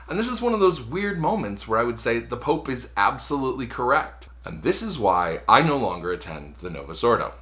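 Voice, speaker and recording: A man's voice: mid-range voice, bright, forceful tone. A man hosting a short commentary show, reading a script in a sarcastic, opinionated way. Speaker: show host.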